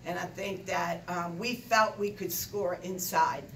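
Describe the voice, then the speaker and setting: Older woman coach at a press conference, animated and talkative, lowish voice, heard from a distance in an echoey room. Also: unhurried, a little hiss or hum. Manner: animated, talkative, rambling with restarts. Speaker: basketball coach. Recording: echoey room, distant mic, faint ambience.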